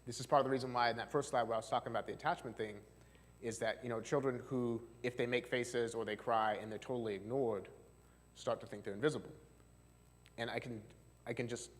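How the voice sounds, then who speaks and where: A male marriage and family therapist giving a chatty seminar talk to a live audience, often asking them questions. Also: medium pitch. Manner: chatty, asks the audience questions, frequent fillers. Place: church hall. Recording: long hall reverb.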